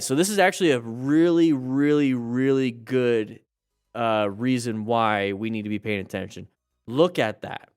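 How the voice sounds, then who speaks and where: Middle-aged male riding coach, mid-pitched and smooth, lively commentary with jokes. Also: a little slow, faint music behind. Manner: lively, coaching, jokey asides. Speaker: motorcycle riding instructor. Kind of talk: live crash video commentary.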